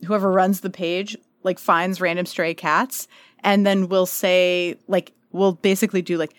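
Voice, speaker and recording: A woman's voice: mid-range voice, unhurried, no echo. A woman co-hosting a podcast in casual chat, chatty and laughing often, with many fillers. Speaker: podcast co-host.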